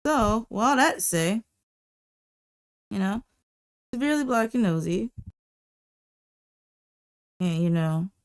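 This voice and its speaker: A woman's voice: medium pitch, lively intonation, slow pace, long pauses, clean tone. A woman hosting a livestream, telling a casual, rambling story and repeating phrases for emphasis. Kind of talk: casual storytime while drawing.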